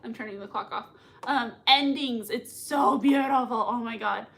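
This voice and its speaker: Giggly, excitable high-voiced woman. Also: normal speed, gravelly. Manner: gushing and excitable, frequent laughter. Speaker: livestream host reacting to a TV episode. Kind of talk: casual live reaction chat reading viewer comments.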